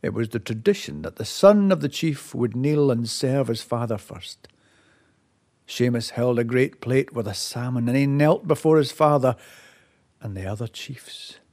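A man telling a folk tale aloud, measured and expressive, dropping softly and rising with excitement. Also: medium pitch. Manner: measured, with lively rises and soft hushed drops. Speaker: storyteller. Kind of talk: oral folk-tale storytelling.

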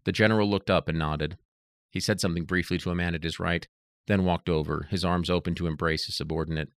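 A man narrating an audiobook in a steady, even reading voice. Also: low-pitched, fast, no echo, studio quality.

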